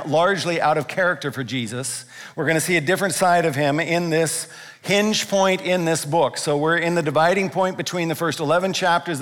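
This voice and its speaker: Pastor, male, animated sermon storyteller; slightly raised voice, reverberant sanctuary sound. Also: a little high. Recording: long reverb of a large room.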